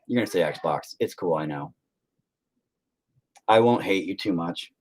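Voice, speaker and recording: A man's voice: sits low, expressive, a little slow. A man hosting a livestream in casual chat, rambling and teasing the viewers with lots of profanity. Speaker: livestream host.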